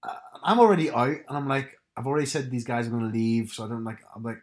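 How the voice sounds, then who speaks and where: Guy cohosting a podcast, chatty, mid pitch, acts out quotes as he tells a story. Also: quick pace, hardly any pauses, darkish tone. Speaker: podcast co-host. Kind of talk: casual chat.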